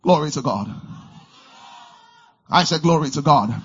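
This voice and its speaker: A male preacher delivering a fervent sermon, repeating lines and swinging between shouted declarations and low murmurs. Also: expressive, unhurried, slightly rough, lo-fi sound.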